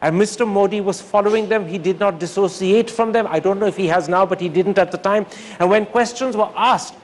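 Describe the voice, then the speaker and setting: A man's voice: sits high, a little fast, a little hiss or hum. An older man answering audience questions in formal, emphatic phrasing. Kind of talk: articulate public talk.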